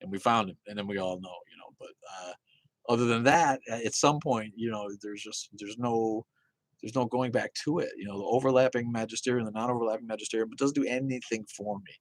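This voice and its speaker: A low, husky man hosts a live Q and A, talking in a loose, rambling way. He swears freely, trips over restarts, and the sound is dry and close. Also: fairly quick, dry recording, low-quality recording. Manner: rambling, profane, many fillers and restarts. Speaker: host of an atheist live show. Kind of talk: casual live Q and A chat.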